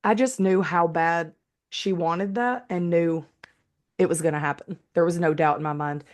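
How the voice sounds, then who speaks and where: A woman's voice: lowish voice, fairly even intonation, normal speed. A woman, co-hosting a podcast in an easygoing, earnest way. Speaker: podcast co-host. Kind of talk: casual chat.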